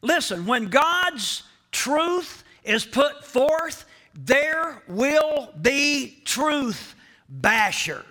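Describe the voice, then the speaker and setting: A man preaching a sermon as pastor, slow and emphatic, repeating key phrases and speaking straight to the congregation. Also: very high-pitched, big pitch swings, sharp tone. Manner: addresses the congregation directly.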